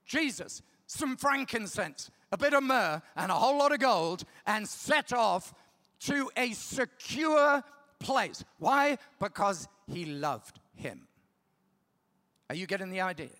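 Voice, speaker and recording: A man's voice: high voice, very animated, slow, pushed and bright. A middle-aged man preaching a sermon, emphatic, repeating key words and checking in with the audience. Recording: long reverb of a large hall.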